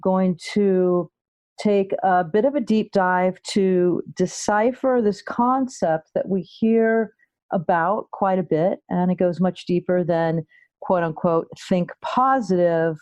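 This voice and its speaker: A middle-aged woman hosting a podcast episode as a health coach, speaking in an unhurried, deliberate way. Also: fairly low pitch, fairly even intonation, darkish tone, no echo. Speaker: guest host, health psychology coach. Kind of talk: podcast monologue.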